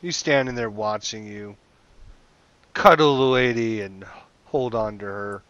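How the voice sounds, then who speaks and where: A man's voice: on the low side, unhurried, fairly bright tone, clear, resonant tone, dry recording, highs cut off. A man running a tabletop game as game master, narrating loosely and chattily and checking in with the players.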